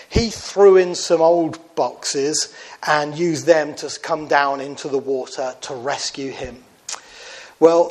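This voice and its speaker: A man telling a story in a sermon, in a conversational way with many fillers and restarts, dropping quiet for quoted lines. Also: fairly high pitch. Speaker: preacher.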